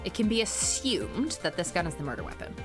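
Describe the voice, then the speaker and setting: A woman voicing a composed, formal male prosecutor from a game in a measured reading. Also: fairly low pitch, big pitch swings, music in the background. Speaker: game streamer reading lines.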